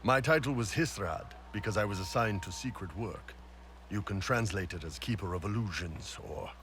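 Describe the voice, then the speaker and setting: A gruff, wry mercenary. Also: male voice, lowish voice, normal speed, fairly bright tone, slight background noise. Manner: blunt, wry. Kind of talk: video game dialogue.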